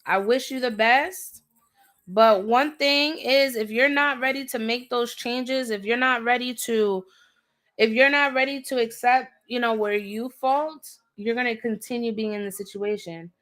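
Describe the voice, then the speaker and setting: A woman's voice: on the high side, unhurried, a bit bright. A woman giving a live tarot reading, blunt and direct, scolding her viewer in slangy talk and repeating herself for emphasis. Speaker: tarot reader.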